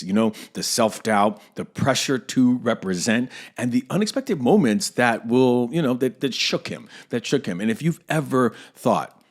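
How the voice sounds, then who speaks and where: A man hosting a podcast for actors, talking earnestly and conversationally to his listeners and repeating phrases for emphasis. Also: medium pitch. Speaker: acting coach and podcast host. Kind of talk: casual podcast monologue.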